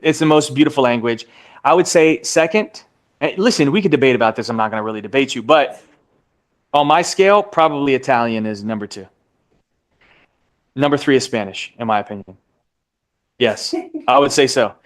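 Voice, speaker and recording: An American man teaches a live real estate licensing class, drawing out key terms for emphasis and putting questions to the class. His voice is mid-range with lively intonation.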